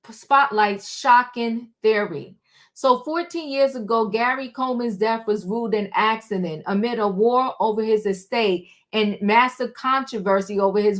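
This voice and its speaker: Blunt woman host with a higher voice. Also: fairly bright tone. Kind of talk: commentary and reading news aloud.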